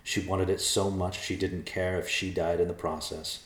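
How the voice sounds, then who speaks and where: Deep-voiced male storyteller, echoey room. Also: level tone, normal speed, a bit bright. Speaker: narrator. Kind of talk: storybook narration.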